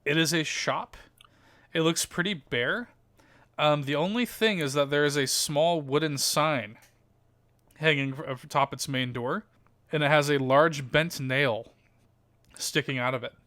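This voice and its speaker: A man narrating a tabletop game as game master, descriptive and halting with frequent fillers. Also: fairly high pitch, pushed and bright, no room sound.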